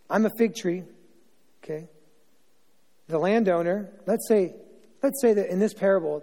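High-voiced man preaching in a reverberant hall. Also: warm tone. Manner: chatty, self-interrupting, jokey asides. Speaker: pastor. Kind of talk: informal joking sermon. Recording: long reverb of a large hall.

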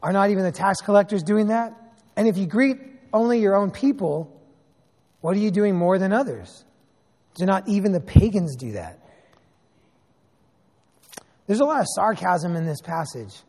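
High-voiced preacher in a reverberant hall. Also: male voice, normal speed, pauses often. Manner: animated storytelling with sarcastic asides. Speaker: pastor. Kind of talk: sermon.

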